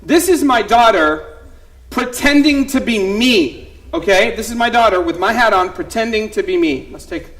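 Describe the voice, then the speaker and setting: A man performing a one-man comedy show on stage, telling animated stories and acting out voices of his family. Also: sits high, normal speed. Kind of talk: stand-up storytelling. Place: theater stage before a live audience.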